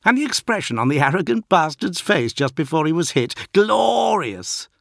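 A man's voice: on the high side, big pitch swings, moderate pace, gravelly, a bit bright, no echo, clean studio sound, pitched above the performer's own voice, full character voice. A man voicing a brash, bloodthirsty young male warrior in an audiobook, eager and gleeful. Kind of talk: audiobook character voice.

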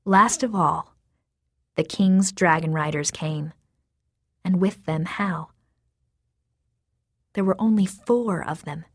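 A woman narrates a storybook in a soft, measured voice that now and then sinks to a whisper. Her voice sits somewhat low. The sound is dry and close, with no room echo. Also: slightly rough. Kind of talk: storybook reading.

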